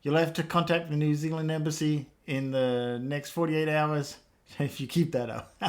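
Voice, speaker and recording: A man's voice: a little high, fairly even intonation, a little slow. A man, chatting casually with live chat viewers while he works, joking around and laughing often. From England. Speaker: live streamer.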